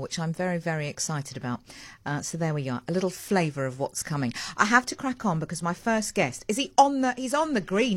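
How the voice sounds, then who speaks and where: A woman hosting a live morning radio show, chatty and digressive with animated asides, in a studio. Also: on the low side. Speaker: radio host. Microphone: studio microphone.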